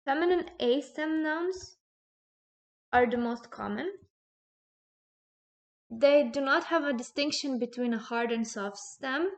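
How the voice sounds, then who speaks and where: A woman with a fairly high voice walks through a grammar lesson at an unhurried pace. She explains each rule step by step, stops to ask "okay?", and fills her pauses with a soft "um". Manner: slow and explanatory, with frequent "um" and "okay?" checks. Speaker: language teacher.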